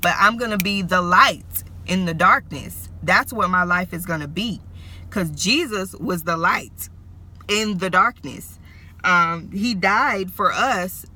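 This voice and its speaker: Woman in her 30s doing an earnest faith vlog, bright voice, pitched a bit low. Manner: earnest and emotional, addresses viewers as y'all. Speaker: vlogger. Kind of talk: faith-based personal talk to camera.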